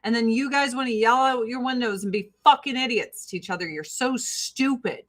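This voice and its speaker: Speaking at a normal speed in a voice on the high side and fairly bright, a middle-aged woman from Illinois rambles casually and profanely on her skincare livestream. She has a Chicago-area Midwestern accent, laughs often and mimics people, and the recording is rough.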